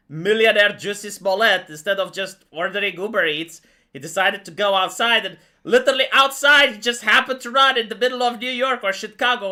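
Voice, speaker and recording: A man from Eastern Europe hosting a live stream, chatting casually about politics, animated and quick to laugh, with many fillers. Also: high voice.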